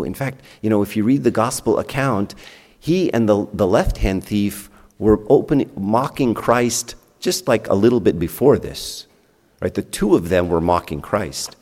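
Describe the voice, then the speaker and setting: Low-voiced male priest in a reverberant church. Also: animated, measured pace, darkish tone. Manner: conversational, uses rhetorical questions and acted-out dialogue. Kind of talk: sermon.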